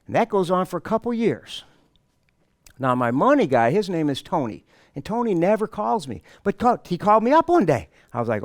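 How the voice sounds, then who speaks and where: A middle-aged man giving a storytelling presentation to an audience, animated and self-mocking, acting out the dialogue. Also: high-pitched, brisk, dry recording, clean studio sound. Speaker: motivational speaker.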